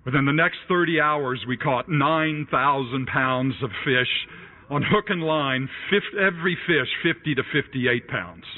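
A man preaching a sermon and telling a personal story in an animated way, raising his voice when he acts out scenes. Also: medium pitch, a little slow. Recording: tinny phone-like radio broadcast.

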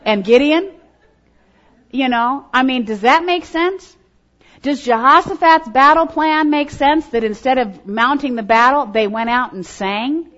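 A middle-aged woman preaching a sermon to women, swinging between loud emphatic lines and hushed, prayerful ones. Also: sits high, a little slow. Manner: preaching with strong rises and hushed prayerful drops. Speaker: speaker at a women's gathering. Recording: dull lo-fi recording.

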